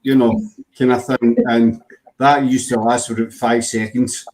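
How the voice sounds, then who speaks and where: A man's voice: mid-range voice, flat delivery, normal speed, a little mellow. Glaswegian man chatting casually. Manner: rambling, full of fillers and restarts. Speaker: host. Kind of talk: casual chat.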